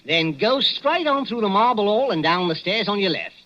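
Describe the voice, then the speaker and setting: Casting: a jolly Cockney watchman, high, bouncy and bright, 1940s radio drama, muffled sound. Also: animated, moderate pace. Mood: jovial. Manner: chatty, chuckling, folksy. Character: chatty jovial male Cockney night watchman. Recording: dull 1940s radio broadcast.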